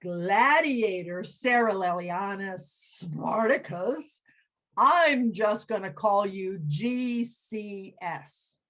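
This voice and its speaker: Children's story: woman puts on a big commanding owl who hoots slowly. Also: medium pitch, expressive, a bit bright. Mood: calm. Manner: hooting, slow and deliberate. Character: wise, commanding great horned owl, male.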